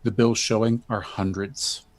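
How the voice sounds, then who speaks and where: A man narrating the stage directions in a measured, even way during a stage reading. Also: on the low side.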